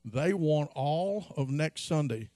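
A man's voice: lively intonation, takes it slowly, mellow, dry recording, clean studio sound. A man preaching a sermon as pastor, telling stories from his life and acting out quotes. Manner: storytelling, acts out quotes in a high voice.

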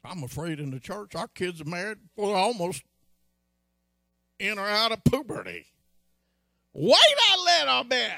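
A man's voice: very animated, moderate pace, long pauses, fairly bright tone, dry recording, clean studio sound. A man preaching a sermon as pastor, telling stories from his life and acting out quotes. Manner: storytelling, acts out quotes in a high voice.

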